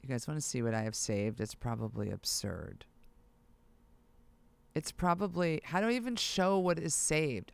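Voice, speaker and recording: A music producer vlogger talking casually to viewers, excitable and thinking aloud while browsing gear listings. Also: mid-range voice, creaky. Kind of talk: casual vlog talk to camera.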